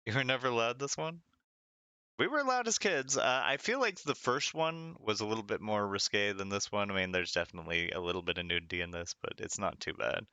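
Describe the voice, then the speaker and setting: A man's voice: fairly low pitch, animated, brisk, bright, forceful tone, smooth, dry recording. A man streaming a retro game, reading its text aloud with wry asides and frequent laughter. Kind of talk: casual game commentary.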